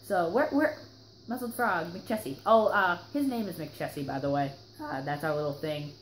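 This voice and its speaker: A woman's voice: fairly low pitch, normal speed, slight background noise. A young woman hosting casual gameplay commentary, chatty and rambling with lots of fillers, her throat a little sore. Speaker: gaming channel host. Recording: roomy echo with background music.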